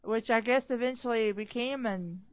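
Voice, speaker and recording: A woman's voice: fairly high pitch, normal speed, clean tone, no echo. A woman reading fanfiction aloud on a casual podcast, stumbling over names and breaking off for sarcastic remarks.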